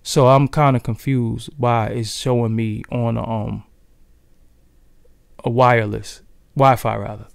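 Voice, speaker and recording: Here a Brooklyn-accented livestream host talks casually and profanely right to his viewers' chat. He has a mid-range, clear, resonant voice with some creak, delivered flatly, a little slowly, and with frequent pauses. The studio-quality sound is dry.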